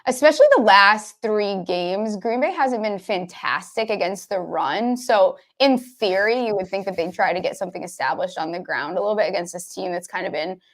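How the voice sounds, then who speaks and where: A woman's voice: mid-range voice, normal speed, few pauses. Female co-host, casual sports chat, mid-range voice, loose and rambling. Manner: chatty, rambling, lots of fillers like "like". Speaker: sports betting podcast co-host.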